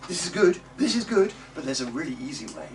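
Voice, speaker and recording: A man teaching a music class, coaching the group and modelling words slowly and loudly for them to repeat. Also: on the high side, big pitch swings. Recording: distant mic with noisy room ambience.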